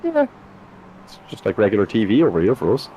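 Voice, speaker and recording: A man's voice: on the low side, huge pitch swings, brisk, warm tone, a little hiss or hum, low-quality recording. A man with an Irish accent teasing his sim racing teammates in casual voice chat, blunt and swearing freely. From Ireland.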